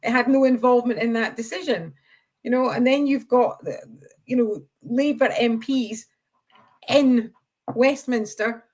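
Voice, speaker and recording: A woman's voice: a little high, steady tone, unhurried, a little mellow. A woman on a podcast, explaining a political point at length, with many fillers. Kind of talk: casual political chat.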